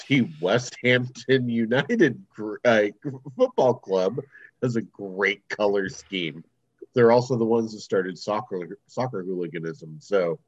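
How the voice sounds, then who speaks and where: A man's voice: mid-range voice, lo-fi sound. A man co-hosting a casual podcast, joking in dry, wry asides. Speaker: podcast co-host. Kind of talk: casual chat.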